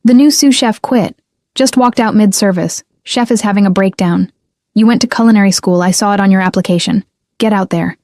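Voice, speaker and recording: A woman voicing a brusque male restaurant floor manager who talks in quick, pushy bursts in a story narration. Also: high voice, darkish tone, no echo, studio quality. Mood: urgent. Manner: hurried, pushy.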